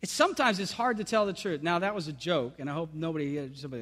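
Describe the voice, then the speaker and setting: A man's voice: fairly high pitch, fast, fairly bright tone. A male pastor preaching a sermon to his congregation with fervent emphasis and calls to the listeners. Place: church sanctuary. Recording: long reverb of a church hall.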